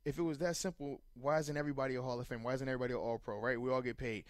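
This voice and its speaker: A man's voice: medium pitch, racing, hardly any pauses, dry recording, studio quality. A man who once played football, co-hosting a sports radio show and giving emphatic, plain-spoken analysis. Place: radio studio. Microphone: studio microphone.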